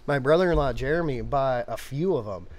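A man co-hosting a casual brewing livestream, talking in a rambling, animated, digressive way. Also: mid-range voice, a little fast. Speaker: brewer and show co-host.

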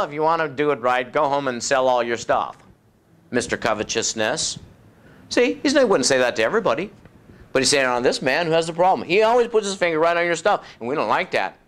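A man preaching a sermon in a folksy, conversational way, acting out other people's voices and dropping low and soft for effect. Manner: acts out voices of demons and doubters, drops low and soft for effect.

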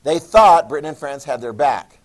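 Guy teaching history to a class, voice swoops up and down a lot, kinda high, quizzes the room. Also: moderate pace. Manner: animated, acts out countries in jokey voices; asks the class questions. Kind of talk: classroom lecture.

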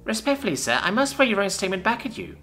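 A man voicing a small, timid mouse-like male alien officer who speaks in a squeaky, deferential way. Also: sing-song, quick pace, sharp tone, soft background music, heavily acted. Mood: polite.

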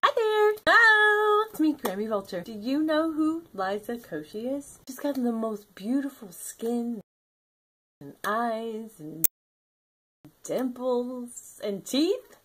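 A woman's voice: on the high side, lively intonation, takes it slowly, a little mellow, husky. An older woman vlogging in a casual, playful storytelling way, laughing often.

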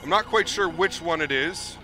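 A man's voice: a little high, normal speed, over music. A young man streaming a flight simulator, chatting upbeat and thanking donors over and over. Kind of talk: live gameplay commentary.

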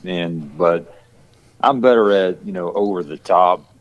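A man from Georgia with a Georgia Southern accent, a guest actor in a casual chat who talks haltingly and repeats his words. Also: low voice, dull audio.

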